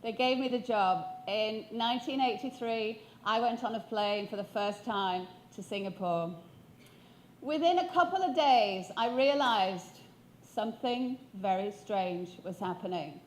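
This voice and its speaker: A woman's voice: a little high, a little slow, a little hiss or hum. A woman in her fifties with a Yorkshire accent, giving a motivational storytelling talk on stage, humorous and playful, asking the audience questions. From England. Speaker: keynote speaker.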